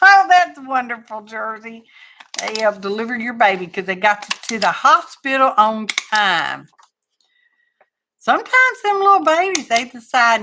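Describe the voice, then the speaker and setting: Against a noisy background, a crafting livestream host with a Texan accent chats in a casual, folksy, rambling manner, full of stories and side remarks. Her voice sits on the high side, swings widely in pitch, and moves at a measured pace.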